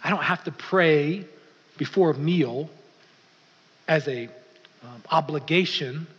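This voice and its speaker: A male pastor delivers a sermon and acts out the voices of the people in his story. His voice is a little higher than usual and slightly husky. The recording is a bit dull, and it carries the long reverb of a large hall. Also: takes it slowly. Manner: animated storytelling, acting out quoted voices.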